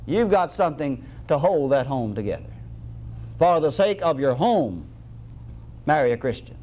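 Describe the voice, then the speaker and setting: A middle-aged man preaching a sermon, folksy and animated, with humorous asides. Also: on the high side, normal speed.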